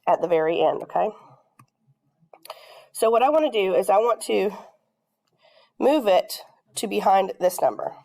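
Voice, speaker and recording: A woman's voice: mid-range voice, big pitch swings, measured pace, vocal fry, long pauses, dark tone. A woman teaching a math lesson to a class. She talks patiently, often stops to ask the class questions, and her throat keeps catching with coughs.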